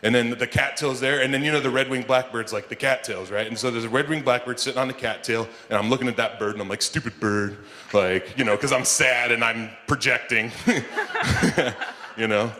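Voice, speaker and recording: Male stand-up comic, bright forward voice, animated storyteller, big hall reverb. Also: fairly quick. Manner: animated, jumps into high-pitched shouted bits when acting out scenes. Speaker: stand-up comedian and keynote speaker. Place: conference hall before a live audience. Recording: long hall reverb, faint room noise.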